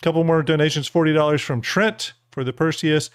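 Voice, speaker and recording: A man's voice: on the high side, steady tone, fairly quick, clear, resonant tone, dry recording. Chatty male livestream host, dry sound. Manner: chatty, repeats words, thanks donors. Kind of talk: casual livestream chat.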